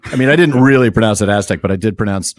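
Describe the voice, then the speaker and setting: Low-voiced man explaining on a podcast. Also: racing, no room sound, studio quality. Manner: explanatory, reads passages aloud and breaks them down. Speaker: podcast co-host. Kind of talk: casual podcast discussion.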